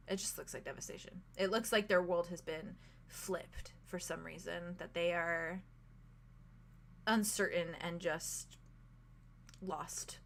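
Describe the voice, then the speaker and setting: A woman narrating as game master of a tabletop game in an animated, chatty way, full of fillers. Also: fairly low pitch, gravelly.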